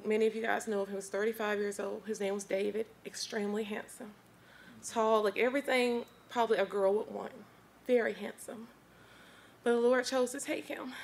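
Woman, high-pitched speaking voice, earnest heartfelt church testimony addressed to the congregation. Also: creaky. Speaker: church member giving testimony.

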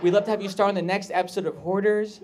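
A man's voice: sits high, steady tone, fast talker, darkish tone, voice pushed up, natural voice. A man voicing an eager, pushy male TV producer who gushes like a salesman. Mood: gushing. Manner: gushing, salesy. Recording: live club audience noise.

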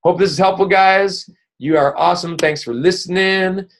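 A man's voice: high-pitched, fairly even intonation, moderate pace, vocal fry. A man hosting a weekly coaching call, talking casually and upbeat, rambling with many fillers and restarts. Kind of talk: casual motivational coaching talk.

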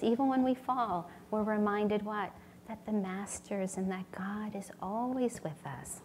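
A woman's voice: medium pitch, unhurried, darkish tone, slight background noise. Woman giving a sermon at a temple, earnest, chatty storyteller vibe. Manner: earnest, storytelling with acted-out voices and laughter. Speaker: speaker giving a talk at a spiritual community.

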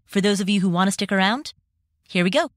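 A woman hosting her own podcast, talking on her own in a nervous, quick, self-deprecating way with small jokes. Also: mid-range voice. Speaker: podcast host. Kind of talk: personal solo podcast talk.

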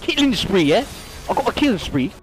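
A young man talks over his gameplay in a high, bouncy voice that swoops up and down. His chatter is crude and excitable, and he breaks into sudden shouts. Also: a little fast, over music. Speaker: streamer. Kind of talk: casual gaming stream chatter.

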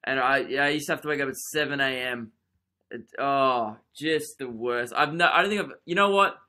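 A young Australian man, a comedian hosting his own podcast from his lounge room, rambling and mocking himself with quick asides. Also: mid-range voice, bright, forceful tone. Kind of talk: casual solo podcast rant. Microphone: desk podcast microphone.

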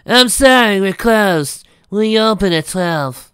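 A man voicing a friendly young mare who works at a club, talking slowly and easily in a read-aloud pony story. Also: sits high, expressive, bright, forceful tone, clean tone, no room sound, studio quality, voice pushed up, full character voice. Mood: easygoing. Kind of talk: fan fiction read aloud.

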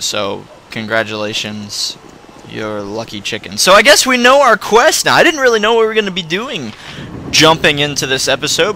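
Brief: male let's-play host, bright tone, chatty and rambling with self-corrections. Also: on the high side, slight background noise. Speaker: video game player.

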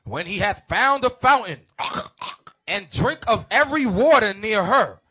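A man reading scripture aloud during a service, slow and measured. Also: high voice, animated, pushed and bright, breathy edge. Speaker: scripture reader.

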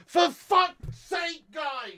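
A young man ranting angrily and loudly as host of a live football watch-along, swearing constantly. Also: very high-pitched, drawn-out words, crowd noise. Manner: angry, sweary, loud ranting. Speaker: football fan livestream host.

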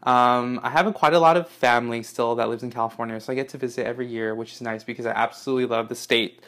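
A young man unboxing fan mail in an excited, gushing vlog, swearing often and gasping as he reads letters aloud. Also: mid-range voice, fast talker. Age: young adult. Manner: gushing, swears a lot, gasps and squeals.

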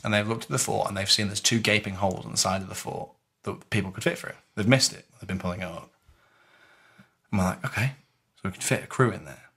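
A man's voice: fairly low pitch, fast, gravelly, husky. A man co-hosting a podcast, telling a weekend adventure in casual chat, swearing freely and acting out what people said. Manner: lively storyteller who swears freely and acts out quotes. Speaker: podcast co-host telling a story. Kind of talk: casual chat recounting a live-action role-play weekend.

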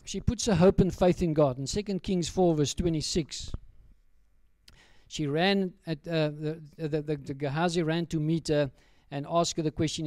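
A man's voice: a little high, steady tone, normal speed, a little mellow, no echo. A man, preaching a sermon as pastor and telling a story in a direct, storytelling way, often turning to address the children.

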